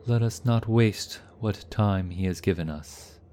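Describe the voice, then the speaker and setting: A man voicing a shaken but steady male knight who speaks firmly and quietly. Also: sits low, unhurried, a little hiss or hum.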